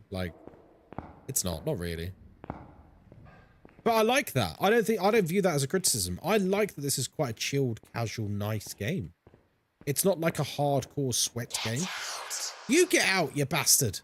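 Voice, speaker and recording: Lively, chatty male game streamer. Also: fairly high pitch, a little fast, slight background noise. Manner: chatty and playful, answering viewer chat. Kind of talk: casual live-stream chat while gaming.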